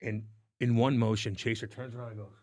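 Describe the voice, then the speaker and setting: A man co-hosting a podcast, telling stories in casual chat, swearing a lot and acting out what people said with loud bursts. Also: medium pitch, fairly quick, no room sound, studio quality. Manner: animated storyteller, acts out quotes loudly, swears often. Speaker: podcast co-host.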